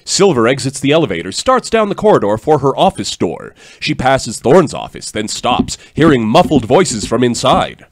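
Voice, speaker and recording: Expressive man reading stage directions. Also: medium pitch, moderate pace, hardly any pauses, dry recording. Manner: expressive, joking asides. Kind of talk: live script read narration.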